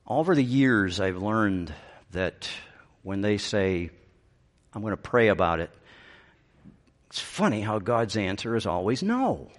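Male pastor, middle-aged, low-pitched; sermon delivery, builds to emphatic peaks, wry asides. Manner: rises to emphatic peaks, dry self-aware humor.

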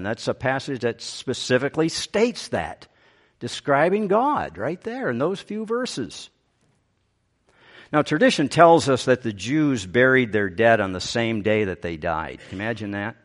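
A male pastor delivering a sermon in an animated, expressive way. His pitch moves widely, climbing on emphatic points and sinking to a near hush on tender lines. The voice sits in a middle register for a man. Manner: animated preaching, voice rising and dropping to a hush.

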